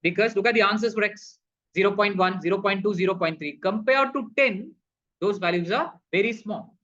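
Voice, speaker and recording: High-voiced man teaching physics. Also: fairly quick, fairly bright tone. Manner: asks questions and answers them himself; addresses students as "people". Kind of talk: recorded physics lesson. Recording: dull lo-fi recording.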